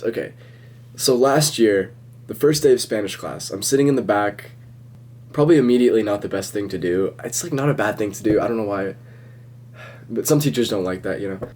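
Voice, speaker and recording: A young man answering viewer questions in a relaxed, rambling way, chuckling often. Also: on the low side. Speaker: social media creator answering viewer questions. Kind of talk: casual Q&A vlog.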